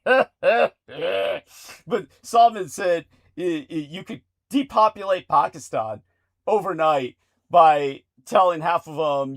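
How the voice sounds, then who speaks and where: A man hosting a casual podcast chat, laughing often and talking in excited bursts. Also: fairly high pitch, slow pace, gravelly, dry recording, studio quality. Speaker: host.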